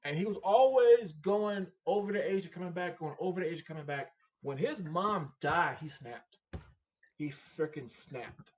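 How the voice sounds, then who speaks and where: On a lo-fi recording, a man who owns a machine shop guests on a casual podcast interview, speaking at normal speed in a slightly high voice. He gets emphatic and animated, hammering his points home repetitively like a preacher.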